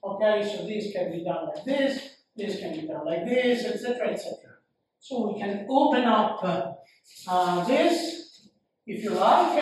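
A man giving a university lecture, slow and halting, with frequent fillers and repeated phrases. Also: high voice, darkish tone, slight background noise. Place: lecture hall. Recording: very echoey room, mic far off.

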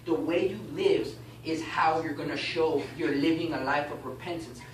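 A man teaching a baptism class in a casual, animated way, often asking "okay?" and "you know?". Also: fairly high pitch, moderate pace. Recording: echoey room, mic far off, faint noise.

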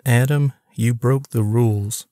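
A man's voice: mid-range voice, fairly even intonation, measured pace, mellow, no room sound, clean studio sound, lightly acted. A man reading the lines of a stern, mysterious otherworldly woman who scolds firmly.

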